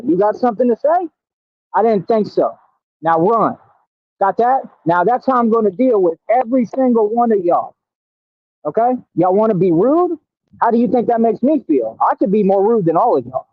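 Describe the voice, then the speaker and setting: A man's voice: sits high, dry recording. A man hosting a livestream, boastful and scolding, full of streetwise slang. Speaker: livestream host. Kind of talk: confrontational livestream talk. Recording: tinny phone-like dry audio.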